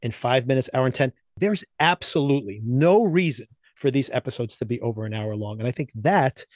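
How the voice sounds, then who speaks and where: Man, casual tv recap, chatty, mid-pitched voice, dry close sound. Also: animated, fairly quick, a little mellow, dry recording. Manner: loose, chatty recapping with frequent laughs and fillers. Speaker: podcast co-host.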